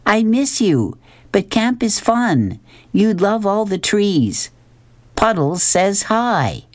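A woman voicing a cheerful young girl writing home from summer camp, in a slow, sweet, lilting read. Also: mid-range voice, big pitch swings, darkish tone, no echo, voice pushed up.

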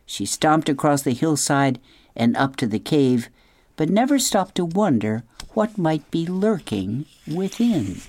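A woman hosting a radio program, reading a children's novel aloud in an expressive, measured storytelling manner with hushed dramatic asides. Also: low-pitched. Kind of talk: scripted storybook narration.

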